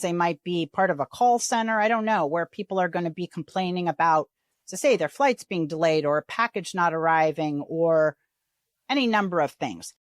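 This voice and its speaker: A woman's voice: on the low side, no room sound. Chatty woman host, dry sound. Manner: chatty, animated, jumps into quoted voices. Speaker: podcast host. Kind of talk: casual chat.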